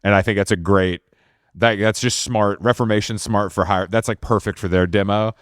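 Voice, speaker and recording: Low voiced guy on a podcast from his house, blunt, argues his point, dry sound. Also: fairly even intonation, moderate pace, smooth, no room sound. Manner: blunt, argumentative, trailing off quietly. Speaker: guest artist. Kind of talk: casual chat. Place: home.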